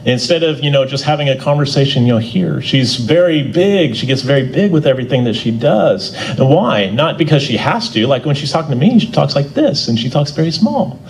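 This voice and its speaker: A man teaching a church Bible class in a folksy, conversational way. He often restarts and repeats words, and he gets louder on his key points. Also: medium pitch, lively intonation, a little fast, hardly any pauses, poor audio.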